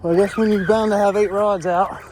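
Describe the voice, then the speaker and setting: A man, out of breath, talking excitedly to his vlog viewers while fishing on the water. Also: sits high, a little fast, a little hiss or hum. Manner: excited, drawling, calls viewers y'all. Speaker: fishing vlogger. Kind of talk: casual outdoor narration to camera.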